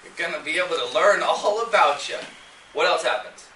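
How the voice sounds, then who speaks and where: A high, bright-voiced man gives an animated seminar talk, getting fired up and firing questions at the room. He is picked up from a distance in an echoey seminar room, with a faint hum of ambience behind him. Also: fairly quick. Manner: animated, gets fired up, quizzes the audience. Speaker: sales seminar presenter. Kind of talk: lively seminar talk to a live audience.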